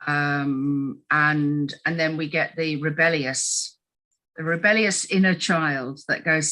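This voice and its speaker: A middle-aged woman with a fairly low voice talks through her coaching work in a relaxed interview. She is animated, slipping into quick voices as she quotes people. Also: poor audio. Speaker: health coach guest. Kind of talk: casual conversational interview.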